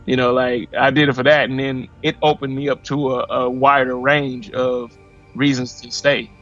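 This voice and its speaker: A man in his forties from Missouri, a podcast guest telling a personal story in a lively, casual way and acting out what people said. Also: medium pitch, moderate pace. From Missouri, USA. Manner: animated, acts out quoted dialogue. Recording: dull lo-fi audio with faint music.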